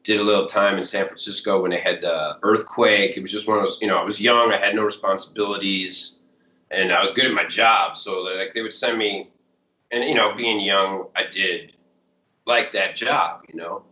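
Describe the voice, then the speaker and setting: A man in his fifties with a Chicago accent, speaking a little low with a bright, sharp edge. He rambles through a casual interview story, leaning on "like" and "you know". The sound is roomy and dull, lo-fi. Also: fairly even intonation, normal speed. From Chicago area. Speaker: blues musician guest.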